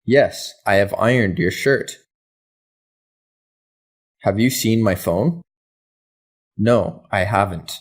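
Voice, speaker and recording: A man reads English lesson drills aloud, his voice low and husky. He goes very slowly and carefully, reading both the question and the answer in an even, scripted way for learners.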